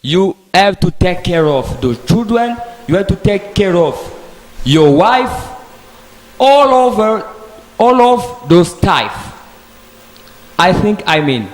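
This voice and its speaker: A man making a deliberate, lecturing argument in a discussion group, with rhetorical questions. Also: high-pitched, very animated. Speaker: debate participant. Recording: echoey hall with long reverb.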